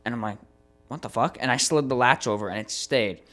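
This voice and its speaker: A young adult man recounting a tech disaster on a casual podcast. He talks in an animated, exasperated way and swears freely as the story builds. His voice sits at an ordinary middle pitch. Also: fast. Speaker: podcast co-host.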